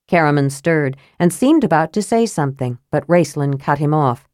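Low-voiced woman narrating an audiobook. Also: animated, normal speed, few pauses, a little mellow, no room sound, clean studio sound.

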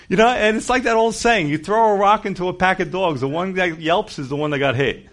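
A male pastor preaching a casual, conversational sermon, acting out quotes and cracking jokes with laughter. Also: a little fast. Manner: animated, acts out quotes with shifting pitch and volume; conversational, jokey asides with laughter.

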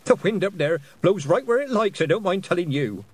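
A plump, cheerful old woman witch, voiced by a man, chatters along. The voice sits higher than his own, husky, with lively ups and downs. This is storybook character reading. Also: brisk, no echo, heavily acted.

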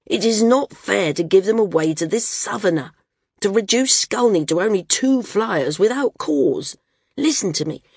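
A woman's voice: medium pitch, animated, moderate pace, breathy edge, no echo, clean studio sound, pitched above the performer's own voice. A woman voicing a stern, stubborn male landsman who argues his case with a raised, insistent voice.

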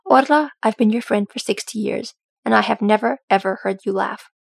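A woman's voice: medium pitch, normal speed, gravelly, breathy edge, no echo. A woman reading a storybook, voicing a grey-haired female dwarf advisor who talks in a wry, dry way.

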